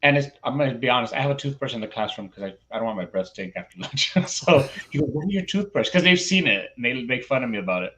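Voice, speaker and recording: A man who teaches, chatting on a podcast and telling a classroom story, acting out his students' lines with lively shifts and frequent restarts. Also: medium pitch, fast, few pauses. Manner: animated, acts out classroom dialogue. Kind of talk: casual chat, storytelling.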